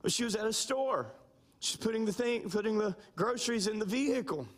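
A middle-aged man preaching a sermon as pastor, emphatic and slowing down to stress key points. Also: high-pitched, lively intonation.

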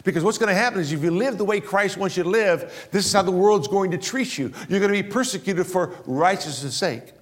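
In his sermon, a male pastor keeps returning to key phrases, alternating loud, emphatic passages with slow, low-voiced moments.

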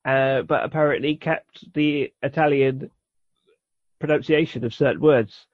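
A man's voice: mid-range voice, steady tone, measured pace. Guy rambling on enthusiastically, kinda muffled lo-fi sound, no room echo. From United Kingdom. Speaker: podcast co-host. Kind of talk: casual chat. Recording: dull dry lo-fi recording.

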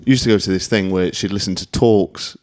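A man's voice: sits low, a little fast, a little mellow. A man co-hosting a podcast who tells family anecdotes in a blunt, jokey way. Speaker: podcast co-host. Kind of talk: casual anecdote telling.

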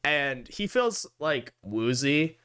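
A man's voice: mid-range voice, very animated, slow, sharp tone, clean tone. A young man narrating as game master of a tabletop game, chatty and laughing often.

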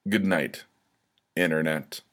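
Deep-voiced man signing off a podcast. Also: slow. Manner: rambling, self-mocking, swears. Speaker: podcast host. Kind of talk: casual podcast sign-off.

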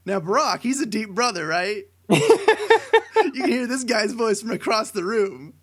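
A young man co-hosting a casual podcast, telling a long story with many fillers that builds to excited shouting. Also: sits high, moderate pace, breathy edge. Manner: rambling tall tale, building to excited shouting. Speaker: podcast co-host.

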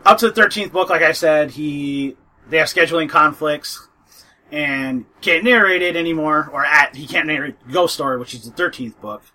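A man's voice: fairly high pitch, moderate pace, sharp tone. A man co-hosting a podcast, chatting casually about books and wandering off track as he talks. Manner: rambling, loses his train of thought. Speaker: podcast co-host.

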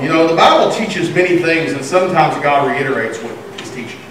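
Pastor, male, high voice, lively storyteller, picked up at a distance in a reverberant sanctuary. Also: fast, few pauses, a little hiss or hum. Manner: animated storytelling, acting out voices. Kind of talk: sermon. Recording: echoey room from far off.

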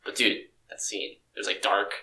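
A young man chatting casually about a film, excitable and full of fillers, laughing often. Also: normal speed, echoey room, recorded from a distance, poor audio.

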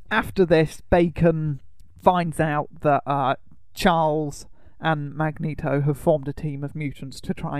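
Gravelly man recapping the plot. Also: on the high side, darkish tone, no echo. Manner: laughs often, explains plot patiently. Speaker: podcast co-host. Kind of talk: casual chat.

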